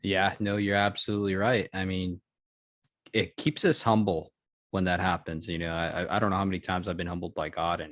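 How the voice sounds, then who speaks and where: A man's voice: low voice, fairly quick, fairly bright tone, no echo, studio quality. A man hosting a podcast, affirming his guest, laughing along and leaning on fillers like "you know what I mean". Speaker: podcast host. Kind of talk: casual interview chat.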